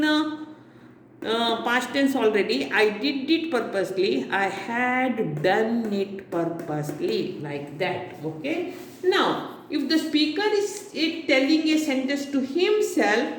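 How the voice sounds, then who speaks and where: A woman teaching an English grammar lesson, explaining step by step and checking in with "okay?" as she goes. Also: fairly high pitch. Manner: explains step by step with many "now see" and "okay?". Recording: very echoey room with faint hiss.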